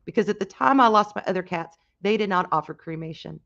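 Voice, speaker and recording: Woman, livestream host, casual chat, halting and emotional, reads chat, middle pitch, dull lo-fi sound. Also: gravelly, a bit bright. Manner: halting, emotional, with many restarts; reads and answers chat comments.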